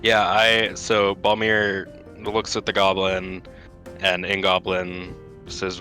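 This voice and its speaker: A man's voice: low-pitched, monotone, slow, bright, forceful tone, soft background music. A laid-back man playing a tabletop game, describing his character's actions. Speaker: player. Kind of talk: tabletop game role-play.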